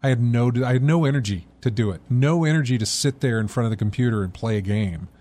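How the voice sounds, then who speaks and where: A male host of a call-in show speaks in a medium-pitched, everyday voice. He chats casually and keeps the conversation moving with quick, friendly agreement. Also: a little mellow. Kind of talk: casual chat with callers.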